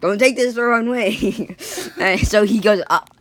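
A woman's voice: medium pitch, a little slow, dry recording. A woman telling an improvised story in a rambling way, full of likes and restarts. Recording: faint background noise.

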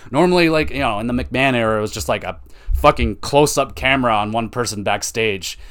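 A young man hosting a wrestling podcast, casually recapping matches with excited outbursts and plenty of swearing. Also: medium pitch, a little fast, clear, resonant tone. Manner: excitable, swears freely, ranting.

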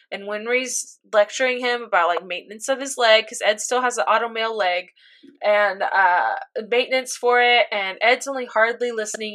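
A young woman talks casually, recapping a story for a friend. Her voice is crisp and sits a little high. She is animated, often leaping into squeaky exclamations and laughter. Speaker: podcast co-host recapping an anime. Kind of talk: casual chat.

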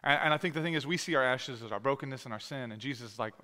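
A man preaching a sermon as pastor, talking conversationally and rising to loud, emphatic scripture reading. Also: mid-range voice, racing, few pauses. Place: church sanctuary. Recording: long hall reverb.

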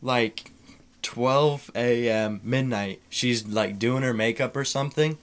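A man's voice: medium pitch, slow pace. Young man laughing through a story. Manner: laughs often, animated storytelling. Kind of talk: casual chat.

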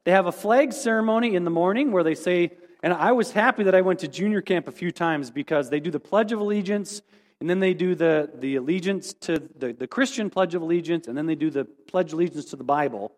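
In a church sanctuary with long hall reverb, a male pastor gives a casual, rambling, self-deprecating sermon report. His voice is high-pitched and a little fast.

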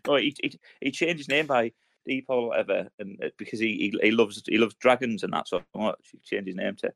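A man's voice: on the low side, gravelly, a bit bright. A man in his thirties, co-hosting a podcast, telling rambling, slang-heavy stories full of swearing. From United Kingdom. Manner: rapid, rambling storytelling with lots of swearing and military slang. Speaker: podcast co-host. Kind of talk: casual chat.

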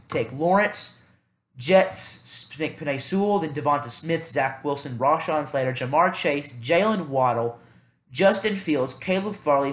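Rambling man on an echoey podcast. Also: on the high side. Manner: rambling, self-deprecating, thinking aloud with many fillers. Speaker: podcast host. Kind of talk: casual solo podcast talk.

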